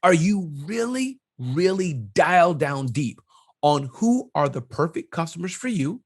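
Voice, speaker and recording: A middle-aged man with a slightly raised pitch and a husky edge talks business on a podcast. He is energetic and emphatic, stepping through his advice point by point. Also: a little slow. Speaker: entrepreneur and podcast guest. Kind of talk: casual business interview.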